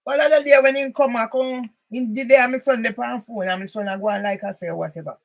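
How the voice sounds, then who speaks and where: A woman's voice: a little high, a little fast, low-quality recording. A woman from Jamaica with a Jamaican accent, talking in a rambling, emphatic personal monologue that drifts into patois. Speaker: channel host.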